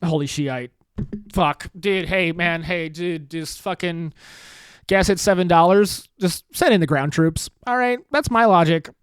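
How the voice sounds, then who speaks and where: A man's voice: fairly high pitch, a little slow, clean tone, no room sound. A man hosting a comedy podcast, delivering an exasperated, sarcastic rant with frequent swearing. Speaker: podcast host. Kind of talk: comedic monologue.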